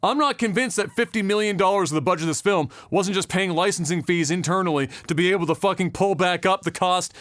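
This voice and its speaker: A man's voice: high voice, fast, few pauses, fairly bright tone, dry recording. A man co-hosting a podcast, ranting casually with lots of swearing, fillers and restarts. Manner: profane, rambling rant with many fillers. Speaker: podcast co-host.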